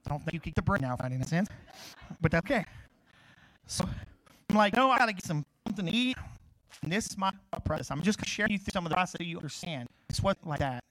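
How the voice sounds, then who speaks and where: A middle-aged man preaching a sermon as pastor, swinging from loud, stretched scripture reading to quiet, joking asides and personal stories. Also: high-pitched, dry recording, low-quality recording. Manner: storytelling with humor and laughs.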